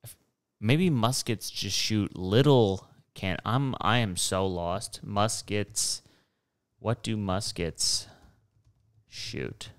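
A man's voice: on the low side, slow, clear, resonant tone, no room sound. A young man rambling through a solo podcast monologue, digressive and profane, with mocking asides. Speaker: podcast host.

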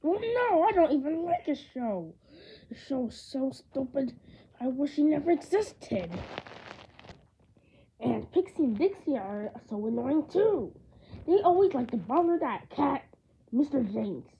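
A woman voicing a whiny, spiteful young bear, ranting in a sneering, drawn-out way on a dull lo-fi home recording. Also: sits high, sing-song, mellow, slight background noise, heavily acted. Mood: scornful. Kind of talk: amateur grounded-video voice acting.

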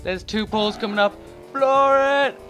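A man giving profane, excitable commentary while playing a game, with sudden yelled outbursts. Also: fairly high pitch, a little slow. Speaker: gaming YouTuber. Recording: game music behind voice.

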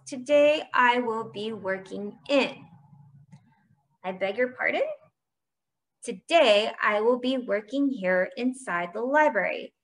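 A woman voicing an eccentric, booming older game-maker in a storybook read-aloud. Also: a bit bright. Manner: booming, theatrical.

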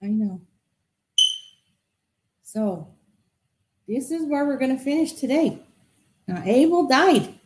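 A woman telling a Bible story to children in an animated way, asking them questions. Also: high-pitched, takes it slowly, pauses often, a little hiss or hum. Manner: animated, asks kids questions. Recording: echoey room.

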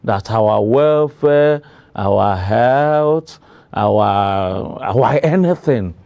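A Nigerian clergyman reads scripture and explains it at a slow, deliberate pace. His voice is low and mellow, and the sound is dry and close. He sometimes stops to find his words. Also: expressive, dry recording, highs cut off. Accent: Nigerian English. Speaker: Anglican clergyman. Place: television studio.

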